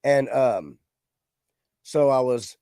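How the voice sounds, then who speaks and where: A man's voice: mid-range voice, expressive, very slow, warm tone, clear, resonant tone, no echo. Man, casual livestream host, easygoing, dry studio sound. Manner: laid-back, chatty, addresses viewers as y'all. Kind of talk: casual live-stream chat. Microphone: studio microphone with audio interface.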